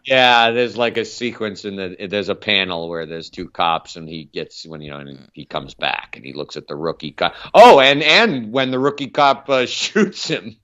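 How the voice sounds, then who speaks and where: A man's voice: lowish voice, normal speed, hardly any pauses, a bit bright, dull audio. A man co-hosting a casual film podcast, enthusiastic and rambling as he recalls scenes. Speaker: podcast co-host.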